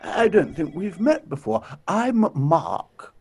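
A performer doing a doddering, posh octogenarian director with a husky voice that wanders up and down in pitch. He speaks slowly, courtly and tactless. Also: big pitch swings, darkish tone, heavily acted. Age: 80s. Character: frail posh elderly male film director.

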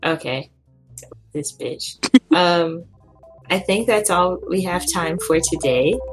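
A woman's voice: fairly low pitch, animated, takes it slowly, rough recording. A woman hosting a podcast with a teasing, laughing manner in casual chat. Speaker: podcast host. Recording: music behind the voice.

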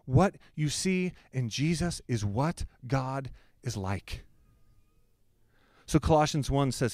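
A man's voice: medium pitch, lively intonation, slow, pauses often, a little mellow, no echo, clean studio sound. Earnest man preaching in a conversational way. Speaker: pastor. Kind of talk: sermon.

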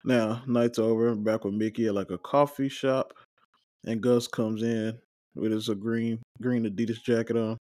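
A man's voice: mid-range voice, flat delivery, moderate pace, darkish tone, dry recording, clean studio sound. A man hosting a podcast, casually retelling a show's episode in a loose, rambling way with plenty of fillers. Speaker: podcast host.

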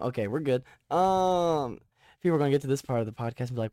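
Excitable young man hosting a podcast. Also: mid-range voice, quick pace, no echo, clean studio sound. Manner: excitable, rambling, restarts often. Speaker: podcast host. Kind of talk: casual sports podcast chat.

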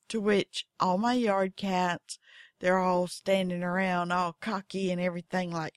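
A woman's voice: fairly low pitch, level tone, a little slow, no room sound, clean studio sound. A woman with a Southern accent hosting a podcast, telling goofy, folksy stories in casual monologue. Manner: goofy, folksy, acts out her cats in voices. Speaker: podcast host.

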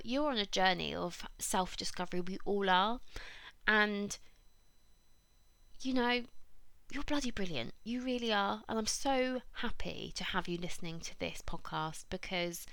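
A woman's voice: on the low side, creaky, fairly bright tone, clear, resonant tone, dry recording. A woman, hosting her own podcast in a chatty, emphatic and encouraging monologue. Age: 30s. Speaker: podcast host.

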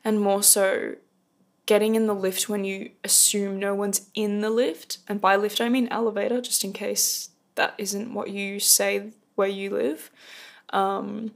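A young woman talks straight into a close podcast mic, rambling through a story with lots of fillers and restarts. Her mid-pitched voice carries a gravelly fry, and she pokes fun at herself as she goes. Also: level tone, measured pace. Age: young adult. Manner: rambling, self-deprecating, many fillers. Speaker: podcast host. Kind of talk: casual rant podcast.

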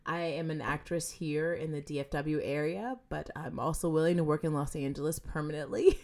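A woman's voice: sits low, a little fast, darkish tone. A woman, an actress guest on a casual podcast, giggly and self-deprecating, swearing often.

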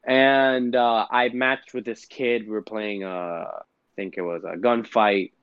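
A man's voice: fairly low pitch, a little slow, clean tone, no room sound. Man in his twenties, casual podcast storytelling, dull lo-fi sound. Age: 20s. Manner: animated storytelling, mimics gamers with profanity. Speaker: podcast co-host. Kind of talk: casual chat. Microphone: podcast microphone.

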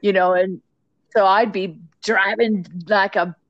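A woman in casual conversation, telling a story about driving with her daughter in a relaxed, chatty way. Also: mid-range voice, a little slow, no echo. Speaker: grieving mother sharing memories. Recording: slightly muffled, dry recording.

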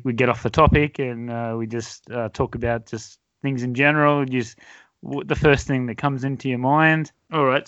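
A man's voice: medium pitch, fairly bright tone, no room sound, lo-fi sound. Playful male podcast host, dry sound. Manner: playful, teasing, laughs along. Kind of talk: casual podcast interview.

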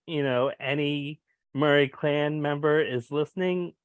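A man's voice: fairly high pitch, steady tone, a little slow, smooth, dry recording. A man co-hosting a casual sports chat, saying "like" constantly. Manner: filler-heavy, says "like" constantly. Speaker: podcast co-host.

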